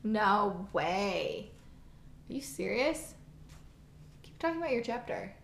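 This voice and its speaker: A woman's voice: medium pitch, sing-song, slow pace, creaky, fairly bright tone, reverberant. A young woman co-hosting a book podcast, blunt and teasing in casual chat, laughing often. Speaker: podcast co-host.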